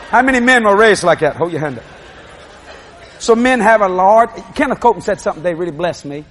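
An older man preaching a sermon, animated, shouting and laughing as he acts out scenes. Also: high voice, quick pace, crowd noise, background noise.

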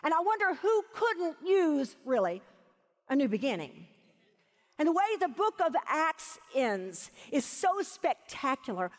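Emphatic high-voiced woman preaching in a hall. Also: big pitch swings. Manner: emphatic, slows down to stress key words. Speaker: Bible teacher. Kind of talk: sermon. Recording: long hall reverb.

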